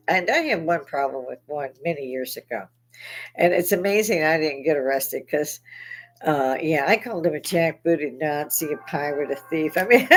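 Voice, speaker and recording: A woman's voice: lowish voice, rough recording. A middle-aged woman hosting her own show, telling a story in a blunt, profane way and often breaking into laughter. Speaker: podcast host. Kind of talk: casual storytelling monologue.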